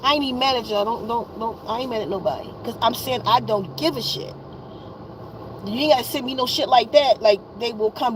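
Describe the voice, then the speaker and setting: A woman's voice: on the high side, slight background noise, low-quality recording. Weary, blunt woman in her fifties. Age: 50s. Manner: blunt and profane, repeating herself; weary and exasperated. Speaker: wellness vlogger. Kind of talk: emotional venting to viewers.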